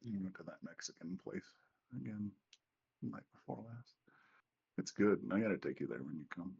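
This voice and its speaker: A man's voice: sits low, expressive, a little fast, creaky, a little mellow, husky, lo-fi sound. A man co-hosting a podcast in casual chat, laughing a lot and swearing casually. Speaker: podcast co-host.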